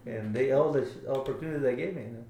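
Halting man, Spanish his first language. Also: medium pitch, warm tone, echoey room. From Mexico. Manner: halting, many fillers and restarts. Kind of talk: casual storytelling.

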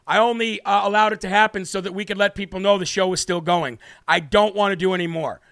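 A man's voice: sits high, steady tone, fast talker, creaky, fairly bright tone, no echo, studio quality. A man hosting a live political talk show, brash and combative, with mocking asides to viewers. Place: home studio.

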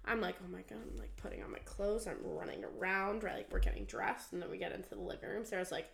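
A young woman co-hosting a laid-back podcast, her voice at an everyday middle pitch. She retells the night in an animated way, acting out what everyone said. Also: fast talker, vocal fry, roomy sound. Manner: animated retelling, acts out quoted lines. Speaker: podcast co-host. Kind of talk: casual chat.

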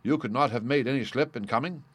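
A man reading as a crisp, commanding detective. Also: mid-range voice, fast, no room sound, natural voice. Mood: explaining. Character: brisk, sharp-witted male detective, calm and commanding. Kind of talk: audiobook character reading.

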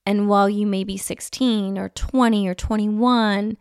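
Woman, 30s, podcast host; nostalgic, rambling chat, frequent fillers, gravelly, dry sound. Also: mid-range voice, fairly even intonation, measured pace, a little mellow, no echo. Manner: chatty and nostalgic, many "like" fillers. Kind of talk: casual solo podcast monologue.

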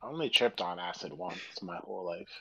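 A man's voice: deep voice, brisk, creaky, pushed and bright, husky, lo-fi sound. A man co-hosting a casual podcast chat, teasing and laughing as he chimes in. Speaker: podcast co-host.

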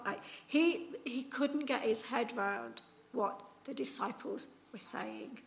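Woman, preacher, fairly high voice, chatty storytelling sermon, acts out the characters. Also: slow pace, creaky, poor audio. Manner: lively storytelling, acting out the people in the story; casual, chatty with fillers like "like" and "you know". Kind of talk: conversational Easter sermon.

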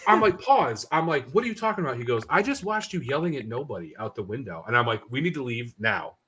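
Man, podcast co-host, lively up-and-down voice, swears a lot, acts out quotes, faint background noise. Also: medium pitch, fast talker, low-quality recording. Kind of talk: casual storytelling chat.

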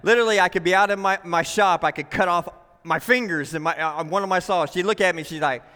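A man delivers a sermon in a church sanctuary, pressing each point home and checking in with the room. His voice sits high and sounds bright and edgy, with a long hall reverb trailing behind. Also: fast, clear, resonant tone. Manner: emphatic, says "right?" often. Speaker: pastor.

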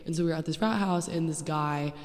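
A woman's voice: sits low, fast talker, a little mellow. A woman in her twenties hosting her podcast, telling stories in a blunt, sarcastic, profane way. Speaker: podcast host. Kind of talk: casual storytelling monologue. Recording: echoey, poorly placed handheld mic.

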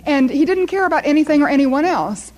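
A woman preaching a sermon, telling a story in an animated storyteller's way before moving into scripture. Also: high voice, fairly quick, low-quality recording.

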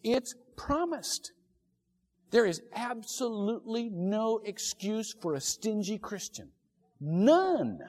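A middle-aged male pastor preaching in a lively, high voice that swoops up and down as he tells stories and laughs. It carries a long reverb from a church sanctuary. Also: takes it slowly. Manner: animated storytelling, laughing often. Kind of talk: sermon. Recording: echoey church hall.

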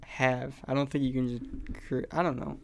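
A man with a flat, even delivery and a gravelly yet smooth, resonant tone. He co-hosts a casual podcast, answering in short, laid-back remarks full of "like.". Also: medium pitch, normal speed. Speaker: podcast co-host. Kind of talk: casual chat.

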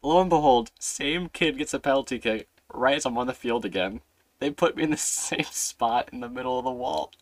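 A man's voice: medium pitch, moderate pace, no echo. A young man hosting a podcast, telling a rambling, swear-filled story in casual chat and acting out his younger self. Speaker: podcast host.

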